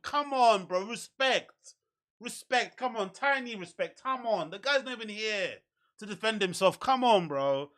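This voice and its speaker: A man's voice: sits high, pushed and bright, dry recording, clean studio sound. A man hosting reaction commentary, mocking, profane and exasperated. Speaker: show host.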